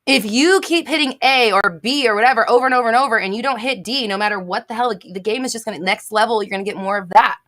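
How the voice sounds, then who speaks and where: A woman with a slightly high, somewhat bright voice talks fast with few pauses. She hosts a live Q&A stream, reading viewer comments aloud and answering bluntly, repeating herself for emphasis, swearing and laughing at herself.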